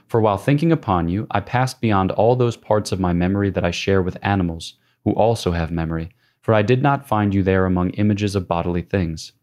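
Deep-voiced man reading prayerfully. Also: a little mellow. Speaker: reader. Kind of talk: scripted reading of a devotional classic.

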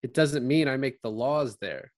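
Man, casual film chat, rambling, acts out quotes, medium pitch. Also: normal speed, dry recording, studio quality. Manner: rambling, animated retelling with quoted voices. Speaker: podcast co-host discussing a film.

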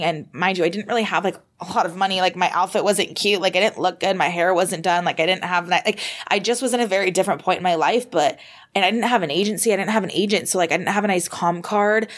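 A young American woman, a podcast guest, telling her story in a lively conversational way, full of "like" and acted-out moments. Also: fairly low pitch, quick pace. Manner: animated, reenacts moments with fillers like "like".

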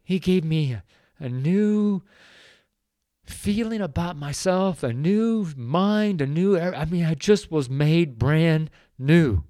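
A man's voice: fairly high pitch, warm tone, dry recording, studio quality. A middle-aged man hosting a devotional podcast, praying and sharing testimony in an earnest, emotional way, choked up with tears. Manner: emotional, tearful, slow and earnest. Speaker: podcast host.

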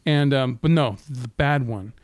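A man's voice: mid-range voice, measured pace, no echo. Man telling a podcast story. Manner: storytelling, swears a lot, acts out quoted voices. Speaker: podcast co-host. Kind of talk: casual podcast chat.

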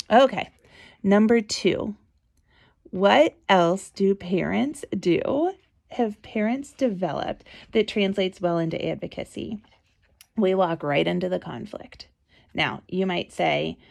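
A woman's voice: medium pitch, gravelly, a little mellow. A woman hosting a podcast, telling a chatty, reassuring story about her own experience. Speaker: podcast host.

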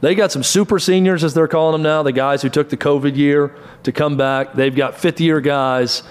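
Running through college football numbers in quick, clipped spurts, this middle-aged male sports talk host sounds brisk. His voice is on the high side, smooth, and fairly even in intonation.

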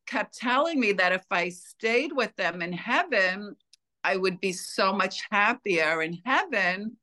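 Slow-speaking, bright-voiced woman. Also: mid-range voice. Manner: earnest, unhurried storytelling. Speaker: interview guest. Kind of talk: telling a personal story in an interview.

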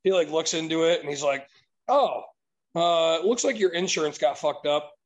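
High-voiced man ranting casually. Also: moderate pace, low-quality recording. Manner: profane, exasperated storytelling. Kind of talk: casual chat.

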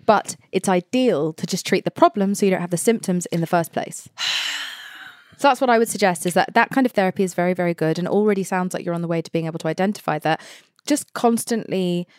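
Frank woman, 30s, lower register, dry studio sound. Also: a little mellow, dry recording. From England. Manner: frank, brisk, swears casually. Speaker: guest. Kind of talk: casual podcast chat.

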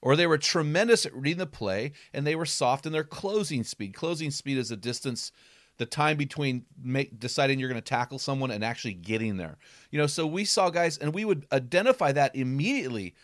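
A man, a former football coach, talking through Bible passages in an animated casual way, acting out quotes with loud bursts. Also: medium pitch, fairly quick, dry recording, studio quality. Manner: emphatic, acts out quotes with sudden loud bursts.

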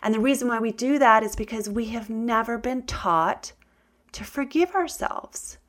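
A woman's voice: on the high side, expressive, normal speed, fairly bright tone. A middle-aged woman speaking candidly to her audience about healing, earnest and confiding, with emphatic outbursts. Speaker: self-help speaker.

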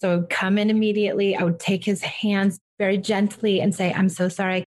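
A middle-aged woman coaching a parent in a casual chat, reassuring and practical, sometimes acting out gentle words to a child. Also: mid-range voice, level tone, brisk. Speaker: parenting coach and podcast host.

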